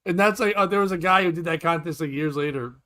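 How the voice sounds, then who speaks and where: Bright, animated New man. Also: on the high side, quick pace. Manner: loud, animated storyteller, swears freely, does voices. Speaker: podcast co-host. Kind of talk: casual chat.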